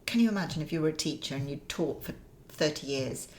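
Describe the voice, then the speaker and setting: A woman co-hosting a casual chat podcast, animated and laughing, often stammering as she starts her sentences. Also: low voice, quick pace. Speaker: podcast co-host.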